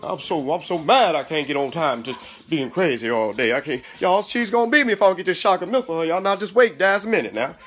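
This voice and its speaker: A woman playing a fearful servant who rushes and stammers, tripping over repeated words while begging. The voice sits higher and louder than her own, pleading without pause. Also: lively intonation, soft background music. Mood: frantic pleading. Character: frantic pleading old-time servant, fearful and hurried.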